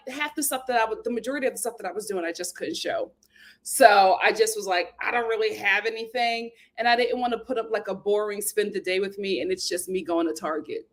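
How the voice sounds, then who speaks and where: A woman hosting a casual live stream, greeting viewers by name and reading their comments aloud with sassy, lively chatter. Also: on the high side. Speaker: host of a live show. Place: home in Los Angeles.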